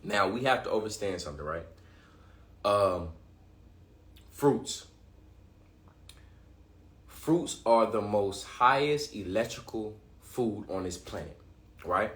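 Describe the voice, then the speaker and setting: A man hosting a livestream, talking excitedly in casual slang, often restarting and repeating himself. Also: on the low side, takes it slowly, long pauses, echoey room. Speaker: livestream host. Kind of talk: live-streamed talk to viewers.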